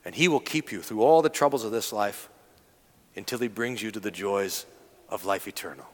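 A male pastor preaching an earnest sermon, telling a story and slowing down to go soft on key lines. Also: lowish voice, big-room sound. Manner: earnest storytelling, drops to slow and soft for emphasis.

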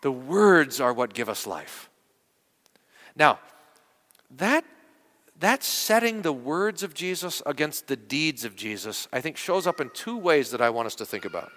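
A male pastor preaching in a lively, conversational way, circling back and repeating words as he thinks aloud. His voice sits a little high and sounds bright and forceful. A long reverb from the church space trails after each phrase. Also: a little slow. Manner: conversational, animated, many restarts and repeated words. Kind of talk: sermon.

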